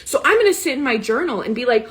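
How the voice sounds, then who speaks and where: A woman in her thirties talks candidly in a live coaching session, close to tears as she tells her story. Her voice sits somewhat high and swings widely in pitch. She keeps checking in with "right?" and peppers her talk with "like". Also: very animated, quick pace, fairly bright tone. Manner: candid, emotional, often says "right?" and "like". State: tearful, close to crying.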